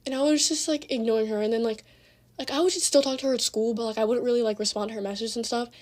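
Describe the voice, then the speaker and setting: A teenage girl rants through a messy school feud in a casual storytime, slangy and full of swearing. Her voice sits a little high, and she tells it in an animated way. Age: teens. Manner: fast, slangy, profane, animated retelling.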